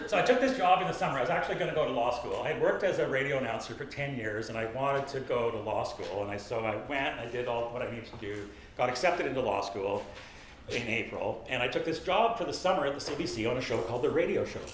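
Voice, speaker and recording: A man's voice: medium pitch, fast. A man in his sixties from Canada, giving a chatty, anecdotal talk about podcasting to a live audience at a library event, polling the room and poking fun at himself. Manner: chatty, anecdotal, self-deprecating, polls the audience. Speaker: podcasting workshop presenter. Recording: very echoey room, light background noise.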